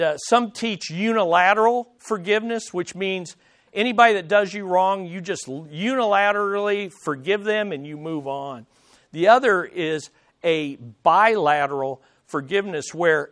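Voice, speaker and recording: A man's voice: sits high, fairly bright tone. A man preaching a sermon as pastor, with emphatic swells and dramatic readings of scripture quotes.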